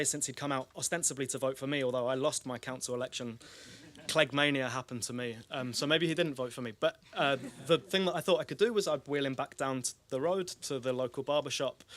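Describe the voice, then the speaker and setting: A man's voice: medium pitch, fairly even intonation, fast talker, a bit bright. A man giving a public talk, telling a story in a candid, self-deprecating way. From North London. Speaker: speaker at an ideas festival.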